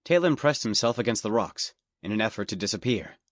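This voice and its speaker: A man narrating a fantasy audiobook in a steady, measured storytelling manner. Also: fairly low pitch, no room sound, clean studio sound. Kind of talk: scripted narration. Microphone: studio microphone.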